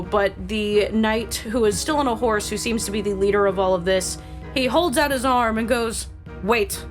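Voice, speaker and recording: A woman running a tabletop game, narrating casually with lots of "like" and "uh". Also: fairly high pitch. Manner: casual, many fillers like "like" and "uh". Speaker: game master.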